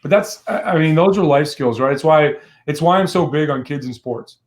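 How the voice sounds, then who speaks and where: A man co-hosting a casual podcast, speaking earnestly and with encouragement. He is reflective in tone. His voice runs a bit high. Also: moderate pace. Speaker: podcast co-host. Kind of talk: casual chat.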